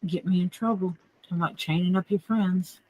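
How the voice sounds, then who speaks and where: A woman's voice: on the low side, fairly quick, a little mellow, no room sound, lo-fi sound. A woman hosting a casual livestream while doing leatherwork, tossing out joking asides as she works. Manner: joking asides while working with her hands.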